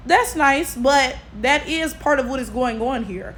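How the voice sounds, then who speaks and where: Animated high-voiced woman commentator. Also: moderate pace, slight background noise. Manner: animated, profane, lots of "okay?" and "right?" tags. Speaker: commentary vlogger. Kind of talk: reaction commentary.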